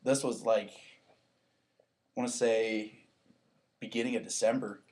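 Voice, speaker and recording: A man's voice: fairly low pitch, steady tone, measured pace, a little mellow. Easygoing man, casual swearing. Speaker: podcast co-host. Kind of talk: casual podcast chat.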